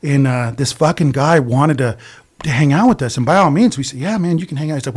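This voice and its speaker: Casting: man, fairly high voice, loose profane storyteller with lots of false starts. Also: a little fast, a little mellow, slightly rough. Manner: rambling, profane, many restarts. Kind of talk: casual storytelling chat.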